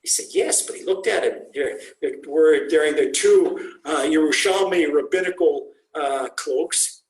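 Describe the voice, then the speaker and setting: A man, a rabbi, teaching a lesson as an animated storytelling sermon and acting out the dialogue. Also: fairly high pitch, a little slow. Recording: echoey room.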